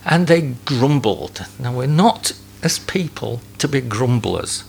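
A man preaches a sermon in a gravelly voice. He stumbles and repeats his words and chuckles between points. A faint hum sits under the recording. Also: medium pitch, very animated, takes it slowly.

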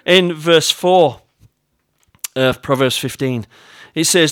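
A man's voice: on the high side, slow pace, fairly bright tone, dry recording, clean studio sound. A man with an English accent preaching a sermon as pastor. He tells stories with self-mocking humour and talks directly to his congregation.

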